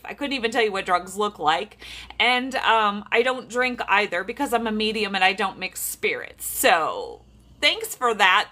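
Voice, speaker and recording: On a livestream from her home bedroom, a South Dakota medium chats casually and laughs often, her voice on the high side, bright and forceful. The setup is a phone or camera mounted on a tripod.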